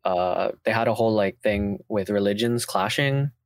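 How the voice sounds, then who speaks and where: A man co-hosting a podcast in casual chat, animated and wandering into loose historical asides. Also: on the low side, moderate pace, no echo, clean studio sound. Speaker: podcast co-host.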